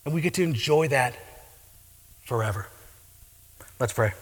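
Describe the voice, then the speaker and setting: A man's voice: mid-range voice, animated, measured pace. A man preaching a sermon as pastor, fervent and building to impassioned pleading in places. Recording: long hall reverb.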